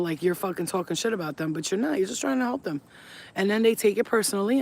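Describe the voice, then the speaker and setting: A woman with a deep voice, a spiritual reader, ranting bluntly and with plenty of swearing in a casual vlog. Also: darkish tone. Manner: blunt, profane, emphatic. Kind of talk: casual to-camera vlog rant. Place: at home, smoking on camera.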